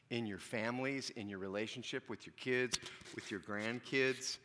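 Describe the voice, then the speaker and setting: A man giving a casual, conversational sermon, often asking the congregation questions. His voice is bright and forward, and long reverb trails off the walls of a church hall. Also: medium pitch, moderate pace. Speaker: pastor.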